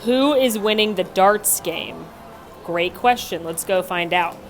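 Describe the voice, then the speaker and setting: A woman's voice: medium pitch, slow, soft background music. A young woman hosting a chatty, upbeat theme park tour vlog outdoors, full of trivia. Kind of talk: casual walking tour vlog.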